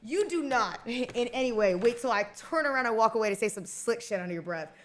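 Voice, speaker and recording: A young adult woman streamer telling a heated story to her chat in a casual, swearing, animated way. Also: on the high side, brisk, slight background noise.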